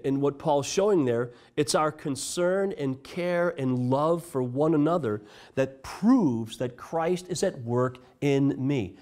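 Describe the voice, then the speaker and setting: A man's voice: medium pitch, a little mellow. A man preaching a sermon as pastor, reading scripture aloud and stressing key phrases with earnest emphasis. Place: church.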